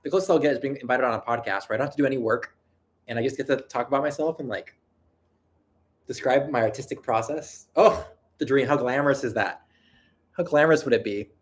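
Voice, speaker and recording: A man's voice: medium pitch, fast talker, long pauses. A man with a nasal voice hosting a casual livestream, answering viewer questions in a rambling, self-deprecating way. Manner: self-deprecating, rambling, with frequent restarts and laughter. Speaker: video creator and livestream host.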